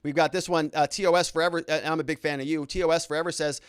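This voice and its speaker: A man's voice: a little high, fairly even intonation, very fast, hardly any pauses, clear, resonant tone, dry recording, clean studio sound. A man hosting a live-stream show, reading viewer comments aloud and answering them in a chatty, unscripted way with frequent restarts.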